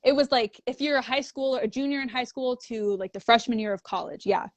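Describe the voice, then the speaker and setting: Chatty young woman with a higher voice. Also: fairly quick, no room sound. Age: young adult. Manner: chatty, fills speech with "like", acts out quoted dialogue. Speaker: guest. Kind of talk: casual storytelling interview.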